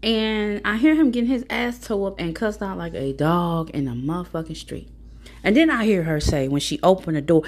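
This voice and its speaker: Low, husky woman giving blunt advice. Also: animated, normal speed, darkish tone. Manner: blunt, profane, preachy and direct. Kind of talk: casual storytelling advice monologue.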